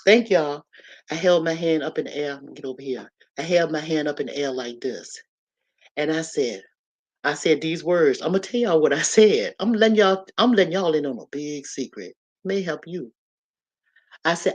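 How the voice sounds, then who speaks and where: Speaking directly to her audience, this female vlogger shares something personal with casual animation, circling back to repeat phrases for emphasis. She has a low voice and talks at a normal speed.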